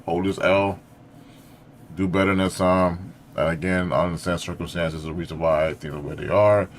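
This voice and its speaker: A man's voice: low-pitched, steady tone, normal speed, slight background noise. A man hosting a reaction video, talking casually and frankly, scolding one moment and sympathizing the next. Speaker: reaction streamer host.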